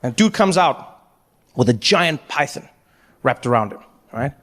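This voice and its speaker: A man telling a story in a stand-up comedy set, animated and acting out each character. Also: medium pitch, measured pace, in a large hall. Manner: animated, acts out every character.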